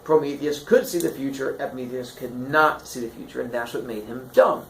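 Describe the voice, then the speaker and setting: A man's voice: medium pitch, brisk, gravelly, few pauses, a little hiss or hum. A man teaching a class, telling old myths as comic stories and slipping into silly voices for the characters. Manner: animated, jokey, puts on voices for characters. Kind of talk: comic storytelling lesson. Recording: echoey room.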